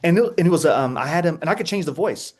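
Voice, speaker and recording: Excitable man hosting a webinar. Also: a little high, fast talker. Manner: excitable and playful, with frequent restarts. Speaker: edtech presenter. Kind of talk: energetic webinar talk.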